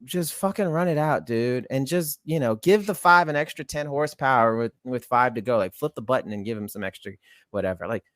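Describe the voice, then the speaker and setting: A man's voice: medium pitch, lively intonation, a little fast, a bit bright, dry recording, clean studio sound. A man co-hosting a podcast, ranting in an exasperated, profane rush about a bad call. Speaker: podcast co-host. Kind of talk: heated ranting podcast talk.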